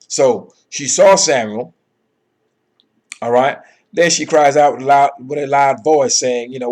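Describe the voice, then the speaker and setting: Guy doing a bible lesson, mid pitch, reads verses then explains, keeps saying okay, all right. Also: a little slow. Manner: emphatic, repeats phrases, frequent "okay" and "all right". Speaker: Bible teacher. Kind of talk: scripture reading with commentary.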